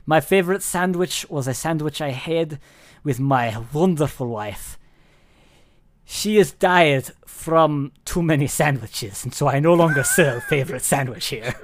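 A man's voice: on the high side, measured pace, lightly acted. A man voicing a gloomy deli owner with a put-on Russian accent and broken English. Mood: mournful. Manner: broken English, mournful and theatrical.

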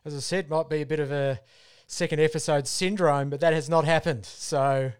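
Smooth-voiced, hesitant man. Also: fairly high pitch, steady tone. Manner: hesitant, measured, with fillers. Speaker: podcast co-host. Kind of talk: casual wrap-up chat.

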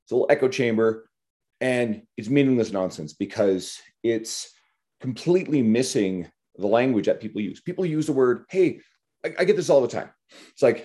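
A man's voice: medium pitch, animated, normal speed, mellow. A man hosting a podcast, talking bluntly and animatedly about coaching, swearing freely. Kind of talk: casual podcast conversation.

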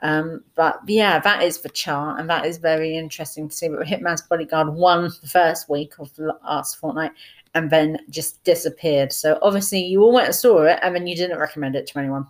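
A woman's voice: low voice, a little fast. A young woman chatting casually through a film review, enthusiastic, with many fillers and restarts.

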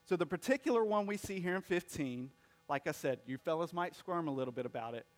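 A man's voice: a little high, animated, fast. A male pastor telling a funny family story in a sermon, acting out the voices of his family.

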